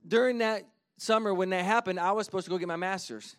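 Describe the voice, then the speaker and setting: Earnest male pastor, thirties, preaching a sermon; slightly high voice, swings between soft storytelling and emphatic exhortation. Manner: earnest, builds from quiet to emphatic; reads scripture slowly and deliberately.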